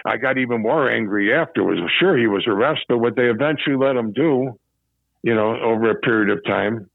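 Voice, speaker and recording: A man's voice: mid-range voice, fairly quick, creaky, no room sound. Older man on a tinny line. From Chicago. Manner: rambling, repeats phrases as he recalls. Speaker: former police officer recounting his career. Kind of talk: storytelling interview.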